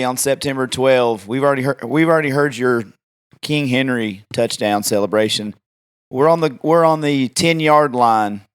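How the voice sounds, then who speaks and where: A man's voice: medium pitch, clear, resonant tone. A man hosting a podcast, chatting enthusiastically with his guest in a casual interview. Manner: chatty, enthusiastic fan talk. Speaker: podcast host.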